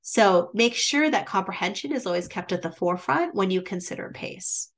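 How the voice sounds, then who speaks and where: A woman's voice: medium pitch, animated. Woman coaching presentation skills. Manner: deliberately varies volume and pace for emphasis; coaching, with frequent "um" fillers. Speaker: business presentation instructor. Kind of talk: webinar presentation.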